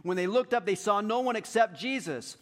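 A man preaching a sermon, telling stories in an animated, self-deprecating way and swinging between hushed and loud delivery. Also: sits high, brisk. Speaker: pastor. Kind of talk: sermon with storytelling.

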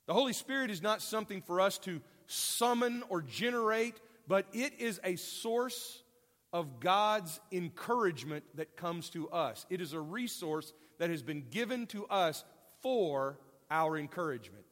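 Male pastor, sermon, animated and folksy, lively pitch, echoing hall. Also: measured pace. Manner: animated, folksy and self-deprecating with jokes.

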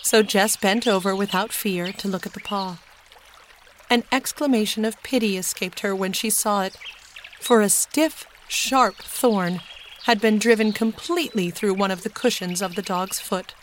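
A woman narrates a children's story in a steady, gentle reading voice. Her pitch sits in the middle, with a faint hiss in the background. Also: normal speed. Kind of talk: storybook read-aloud.

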